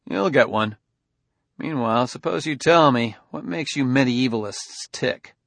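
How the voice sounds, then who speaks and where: A man voicing a shrewd male detective who presses a suspect in a firm, measured, needling way. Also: mid-range voice, fairly bright tone, no echo.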